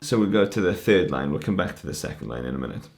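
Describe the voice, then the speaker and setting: A Welsh language teacher with a low, slightly mellow voice gives a fast, expressive conference talk on Welsh poetry. He patiently breaks the words down syllable by syllable.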